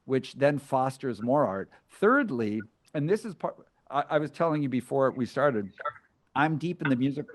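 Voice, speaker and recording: Enthusiastic man hosting an interview. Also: mid-range voice. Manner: enthusiastic, emphatic, frequent restarts. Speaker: interview host. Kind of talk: conversational interview.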